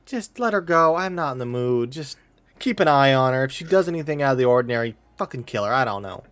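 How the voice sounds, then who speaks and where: A man's voice: mid-range voice, animated, quick pace, fairly bright tone, a little hiss or hum, lightly acted. A man voicing a tired, irritable female guard captain who mutters orders. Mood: weary.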